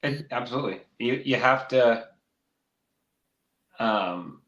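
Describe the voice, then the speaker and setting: Speaking slowly in a mid-range voice, this faith podcast co-host rambles earnestly and turns animated when he mimics critics. The audio is dull and echoes like a large room.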